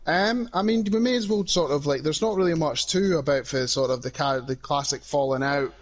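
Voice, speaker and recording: Young Scottish co-host, a bit high, chatty and halting, stacking fillers. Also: male voice. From Scotland. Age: young adult. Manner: hesitant, many restarts and "like"s. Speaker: podcast co-host. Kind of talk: casual chat.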